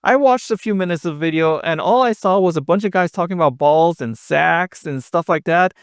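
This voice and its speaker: A man's voice: on the high side, fairly quick, smooth, no echo, studio quality, close to an everyday voice. A man voicing a clueless, earnest male street reporter who rambles and corrects himself. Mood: defensive.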